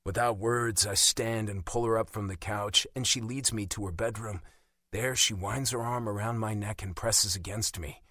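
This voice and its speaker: A man narrating a romance audiobook in first person, intimate and steady. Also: on the low side, normal speed, no echo, clean studio sound.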